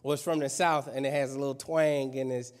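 A man's voice: medium pitch, fairly even intonation, a little fast. Man preaching in a reverberant church hall. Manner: conversational, playful preaching with rhetorical questions. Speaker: pastor. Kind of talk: sermon. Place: church sanctuary.

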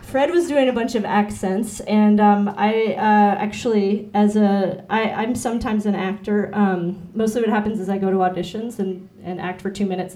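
A woman's voice: medium pitch, a little hiss or hum. A young woman performing a rambling, self-deprecating stand-up set with lots of ums and giggles. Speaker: stand-up comedian. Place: club stage with audience.

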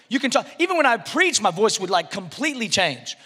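A man in his thirties preaching a sermon in a conversational, animated way, with frequent restarts and acted-out quotes. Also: very high-pitched, fast, few pauses, in a large hall. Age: 30s. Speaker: pastor.

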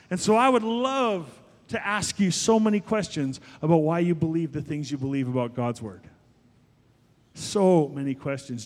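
A man in his forties preaching a sermon as pastor, animated and emphatic, rising to higher peaks. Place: church sanctuary. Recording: long hall reverb.

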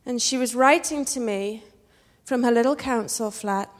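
Woman storyteller, working-class English accent, high voice, wry and self-mocking, live on stage with hall reverb. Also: normal speed. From England. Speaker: storyteller, actress. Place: theater stage.

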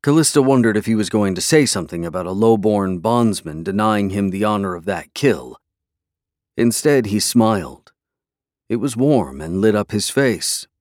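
A man reading scripted narration for an audiobook in a measured, even way. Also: lowish voice, no room sound, clean studio sound.

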